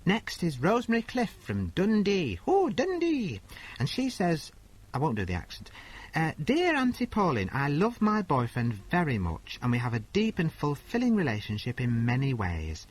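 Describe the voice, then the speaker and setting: A man's voice: on the high side, huge pitch swings, moderate pace, rough recording. A man playing a crude, brassy woman agony aunt who reads out letters and answers them bluntly in a comedy sketch. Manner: blunt, bawdy, mock-sincere.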